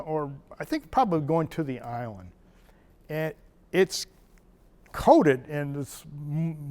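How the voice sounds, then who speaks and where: A man's voice: on the high side, darkish tone, big-room sound. An older man from Maine, a wildlife biologist, telling rambling anecdotes with restarts and quoted dialogue. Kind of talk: oral history storytelling.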